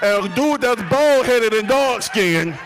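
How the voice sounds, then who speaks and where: High-pitched man hyping a rally crowd. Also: lively intonation, unhurried, faint music behind, low-quality recording. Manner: preacherly call-and-response, rhythmic lists. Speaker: event warm-up speaker. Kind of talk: rally hype speech.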